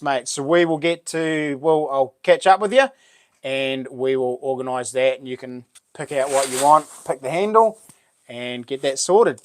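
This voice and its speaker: A man's voice: medium pitch, measured pace, dry recording, studio quality. A man with a New Zealand accent hosting a casual live stream and chatting back to viewers' messages.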